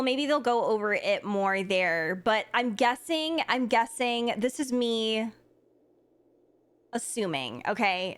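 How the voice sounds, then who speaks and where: Female streamer, casual live chat, rambling, filler-heavy, mid-pitched voice. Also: fairly bright tone. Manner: rambling, thinking aloud with many fillers.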